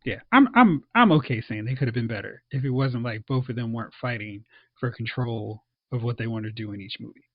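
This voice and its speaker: A man co-hosting a podcast, casually reviewing a show and acting out characters in quick asides. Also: mid-range voice, animated, no room sound. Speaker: podcast co-host. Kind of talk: casual movie review chat. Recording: dull, dry lo-fi sound.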